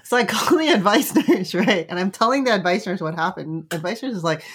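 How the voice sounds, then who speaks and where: Woman, casual storyteller, chatty, keeps asking "right?", laughs along, ordinary mid pitch. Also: lively intonation, fairly quick, husky. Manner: chatty, tags lines with "right?" and "like"; laughs while telling the story. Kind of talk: casual anecdote.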